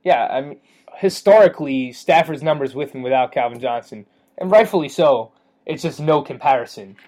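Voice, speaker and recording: A man co-hosting a fantasy football podcast, chatting casually, rambling with fillers and quick to joke and laugh. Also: mid-range voice, a little mellow. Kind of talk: casual sports chat.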